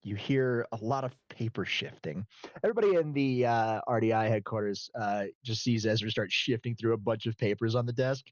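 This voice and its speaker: A man's voice: on the low side, brisk, no room sound, lo-fi sound. A man narrating as game master in a loose, casual way.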